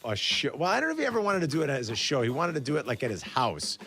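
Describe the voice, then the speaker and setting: A man's voice: medium pitch, racing. A man hosting a radio sports talk show, chatting casually with callers and trading movie quotes. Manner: animated, quoting movie lines. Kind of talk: casual call-in banter.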